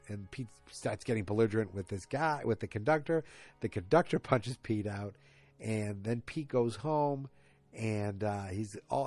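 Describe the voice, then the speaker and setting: A man with a low, slightly husky voice talks through a television episode in a casual, meandering podcast recap. He trips over words, restarts often and fills gaps with ums. Faint music sits in the background. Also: a little mellow. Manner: rambling, loose retelling with many fillers and restarts. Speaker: podcast host.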